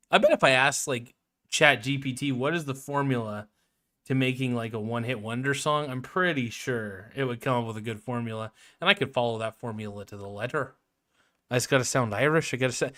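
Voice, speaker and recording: A man's voice: medium pitch, a bit bright. A man talks loosely to the camera in a mid-range voice, mocking his subject with sarcasm and stumbling restarts. His rambling drifts into crude jokes and profane asides, as if just chatting. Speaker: video creator. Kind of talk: casual rambling commentary.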